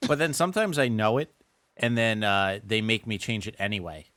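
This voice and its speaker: A man's voice: on the low side, fairly quick, a bit bright, no room sound, studio quality. A man co-hosting a casual comedy podcast, telling exasperated stories and reading out listener messages. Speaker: podcast co-host.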